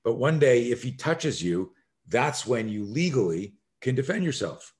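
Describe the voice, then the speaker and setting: A middle-aged man, a self-defense instructor, telling a story in a podcast interview, acting out quoted voices and swinging between loud and soft. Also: mid-range voice, sing-song, a little slow.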